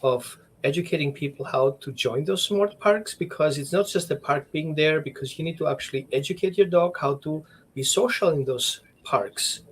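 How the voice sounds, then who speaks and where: A man co-hosting over a video call, announcing his workshops in a quick, halting way. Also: on the high side, husky. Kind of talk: casual chat on a video call.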